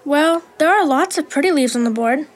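A woman's voice: high-pitched, animated, brisk, faint music behind. A modest young schoolgirl. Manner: soft-spoken, polite. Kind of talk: children's audio drama.

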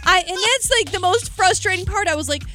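A young woman, co-hosting morning radio and telling stories with lively, acted-out dialogue. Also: extremely high pitch, a little fast, faint music behind. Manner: animated storytelling, acts out both sides of a phone call. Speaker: radio co-host. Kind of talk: casual morning radio chat.

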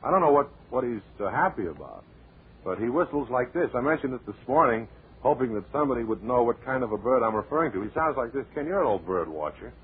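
A man hosting a comedy radio show in a deadpan, rambling, mock-serious way, heard on a tinny old radio recording with light hiss. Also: mid-range voice, quick pace. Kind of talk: deadpan comic radio patter.

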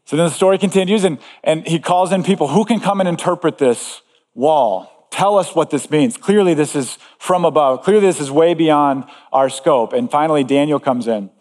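A man's voice: a little high, normal speed, darkish tone, in a large hall. A man preaching a sermon as pastor, earnest and emphatic, repeating key phrases.

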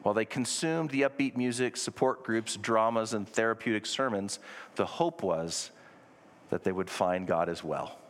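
A man's voice: on the low side, normal speed. A man preaching a conversational sermon to a congregation, with self-deprecating asides. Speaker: pastor. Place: church sanctuary. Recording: long reverb of a large hall.

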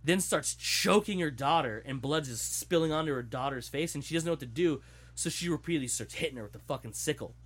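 A man in casual chat, retelling a story in an animated, profane way. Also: on the high side, fairly quick.

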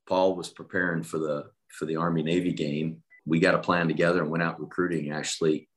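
Very deep, flat-voiced football coach. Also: male voice, a little fast. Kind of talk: interview recollection.

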